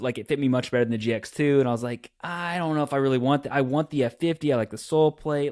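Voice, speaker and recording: A man's voice: medium pitch, quick pace, few pauses, darkish tone. A young adult man co-hosting a podcast, rambling casually with restarts and laughing at himself. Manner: rambling, many restarts, self-mocking. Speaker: podcast co-host. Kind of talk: casual chat.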